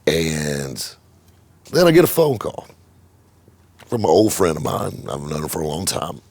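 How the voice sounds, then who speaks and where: A man's voice: extremely low pitch, very animated, a little slow, a little mellow, no echo. A middle-aged man, a car dealer, telling a rambling, profane story in casual chat, with many repeated words. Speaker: car dealer and channel host.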